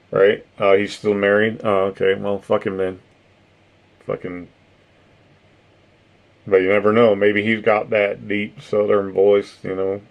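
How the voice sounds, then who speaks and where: A man's voice: fairly low pitch, creaky, highs cut off. A middle-aged man hosting a live stream, chatting casually with viewers, rambling, swearing and laughing often. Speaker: streamer host reading chat.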